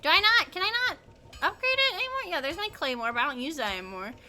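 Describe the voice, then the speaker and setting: A young woman talks to her stream viewers while she plays, rambling from one thought to the next and often breaking into giggles. Her voice sits high and sounds bright and sharp. A faint noise runs under the recording. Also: lively intonation, rapid-fire. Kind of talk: casual gaming stream chat.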